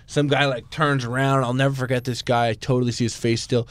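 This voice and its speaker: A man's voice: medium pitch, little pitch movement, a little fast, no echo. A man co-hosting a casual podcast, rambling through a story with many restarts. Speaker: podcast co-host. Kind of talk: casual chat.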